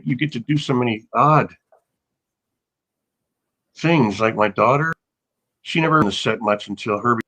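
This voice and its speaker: A man's voice: mid-range voice, fairly bright tone, low-quality recording. An older man, an actor, telling rambling, anecdotal stories in a casual interview, with many restarts.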